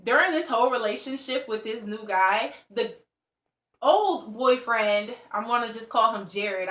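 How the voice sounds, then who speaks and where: Chatty young woman with a bright voice. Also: medium pitch. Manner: chatty, lots of "like" and "you know". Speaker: vlogger. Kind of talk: casual storytime. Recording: roomy echo.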